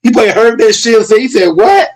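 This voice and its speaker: A man's voice: extremely high pitch, steady tone, rapid-fire, rough recording. A man from Dallas, Texas, talking sports in a brash, profane, trash-talking way. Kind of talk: casual sports chat.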